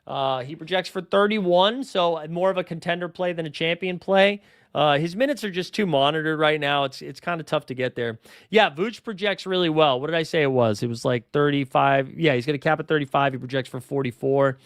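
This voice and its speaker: Guy hosting a fantasy hoops stream, kinda high voice, super clean, dead dry room. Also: dry recording. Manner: fast, chatty, reading out names and numbers. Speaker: fantasy basketball show host. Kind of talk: casual livestream chat.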